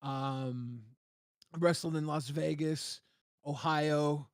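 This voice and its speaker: A man's voice: fairly high pitch, drawn-out words, clear, resonant tone, dry recording, clean studio sound. A man being interviewed on a live online show who tells his stories in a loose, rambling way full of fillers. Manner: rambling, relaxed storyteller with many fillers. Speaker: interview guest. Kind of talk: casual live-stream interview.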